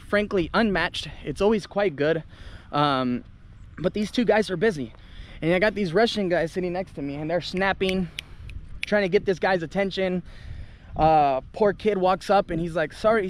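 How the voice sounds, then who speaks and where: A man's voice: high-pitched, moderate pace. A young man, a travel vlogger, ranting casually to camera, heated and indignant, swearing freely. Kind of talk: casual vlog rant to camera.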